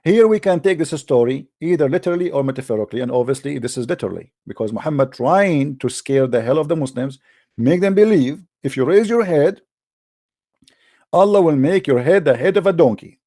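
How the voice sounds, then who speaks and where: A man's voice: on the high side, animated, brisk, dark tone. A man hosting a heated religious debate in non-native English, combative and mocking, often repeating himself. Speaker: debate show host.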